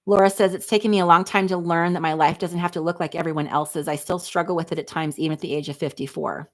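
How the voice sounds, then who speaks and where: Snarky, chatty woman host, low voice. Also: fairly even intonation, fast talker. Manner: snarky, candid, chatty, reads comments aloud. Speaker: livestream host reading chat. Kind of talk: casual livestream chat.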